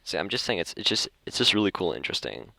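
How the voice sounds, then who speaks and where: A young man with a natural Australian accent talks casually into the mic, his voice low and the sound dry and close. He rambles through half-finished thoughts, corrects himself mid-sentence and chuckles at his own tangents. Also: big pitch swings, racing, creaky, bright, forceful tone, no room sound. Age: young adult. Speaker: podcast host. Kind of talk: casual chat. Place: school library.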